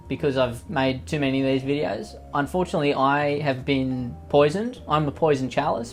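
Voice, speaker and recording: A man doing sarcastic, mocking comedy commentary, swearing freely as he reacts to posts. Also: fairly high pitch. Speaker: commentary YouTuber.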